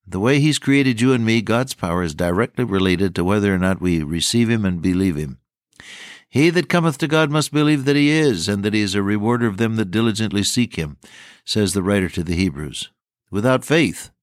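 A man preaching a sermon earnestly and emphatically, slowing down to stress key words and quoting old-fashioned scripture phrasing. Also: medium pitch, dry recording, clean studio sound.

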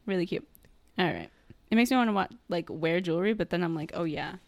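A woman's voice: on the low side, quick pace, gravelly. A woman in casual chat, recapping a show with lots of swearing and acted-out quotes. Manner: animated, profane, acts out characters' lines. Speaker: podcast co-host recapping a show.

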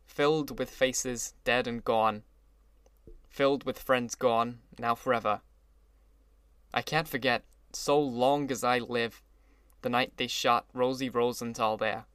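A man voicing a gloomy, sentimental older gangster, speaking slowly and with heavy emphasis. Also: mid-range voice, a bit bright, no room sound, clean studio sound, lightly acted. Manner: brooding, slow, emphatic.

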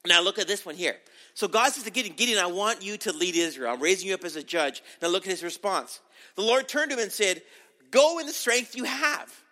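Bright high-voiced preacher. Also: male voice, quick pace. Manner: animated, acts out quotes, tag questions. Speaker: pastor. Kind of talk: sermon.

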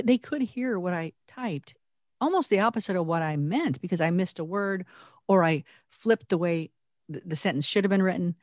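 A woman co-hosting a podcast, talking earnestly and reflectively with animated emphasis. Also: on the low side, no echo, studio quality. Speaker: podcast co-host. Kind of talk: conversational podcast talk.

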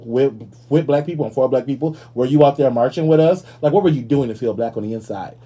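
A man hosting a podcast in casual commentary, sassy and animated, swearing freely. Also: medium pitch, husky. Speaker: podcast host.

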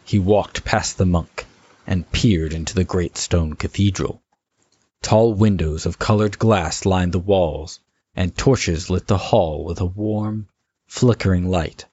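A man giving steady, scripted story narration. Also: sits low, slow pace, slightly rough. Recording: dull lo-fi recording.

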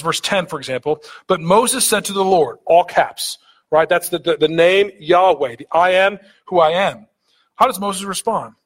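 A man's voice: fairly high pitch, a bit bright, breathy edge. A man preaching a sermon, earnest, often repeating words and rising in emphasis on key points. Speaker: pastor.

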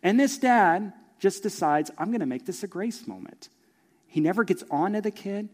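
Middle-aged preacher, fairly high-pitched, storytelling sermon, shifts from hush to loud, long hall reverb. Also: male voice, lively intonation, normal speed. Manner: storytelling, acts out voices, swings from hushed to loud. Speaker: pastor.

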